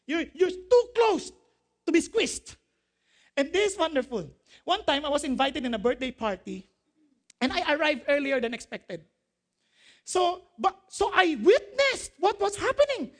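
A man, a pastor, preaching a sermon in an animated way, quoting scripture, asking the congregation questions and laughing at his own jokes. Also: extremely high pitch, a little slow. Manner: quotes scripture, asks the audience questions.

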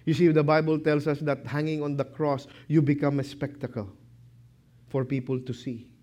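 A man preaching a sermon, slow and emphatic, who keeps asking rhetorical questions. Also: fairly high pitch, flat delivery, mellow.

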